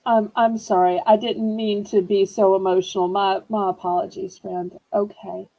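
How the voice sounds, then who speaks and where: A woman's voice: medium pitch, little pitch movement, creaky, warm tone, low-quality recording. A woman from New Orleans, chatting with viewers while selling items in a live-stream auction. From New Orleans, USA. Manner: slow, sympathetic, chatty with viewers.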